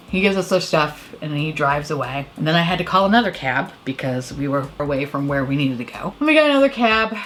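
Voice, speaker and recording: A woman's voice: deep voice, a little hiss or hum. Chatty woman telling a self-mocking story. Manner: animated, self-mocking storyteller, frequent laughter. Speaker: beauty vlogger. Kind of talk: chatty get-ready-with-me storytelling.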